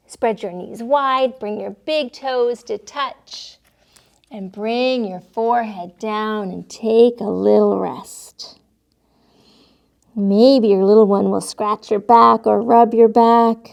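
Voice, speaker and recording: A woman with a slightly high voice leads children through yoga poses at an unhurried, calm pace. She talks gently and playfully, coaxing the little ones along and sometimes roaring or meowing with them. She sounds like a young adult. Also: gravelly. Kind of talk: guided kids' yoga instruction.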